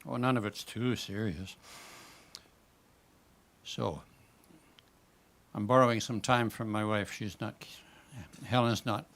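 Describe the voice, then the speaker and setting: Gravelly, chatty man at an open mic. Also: on the low side, slow, pauses often, fairly bright tone. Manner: chatty, self-deprecating, hesitant. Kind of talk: casual remarks and reading a story aloud. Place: live open-mic event at a showroom.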